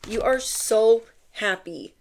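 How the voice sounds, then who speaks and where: A woman's voice: a little high, slow, a little hiss or hum. A young woman giving a casual spiritual tarot reading and talking to viewers in a chatty, emphatic way. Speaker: tarot reader.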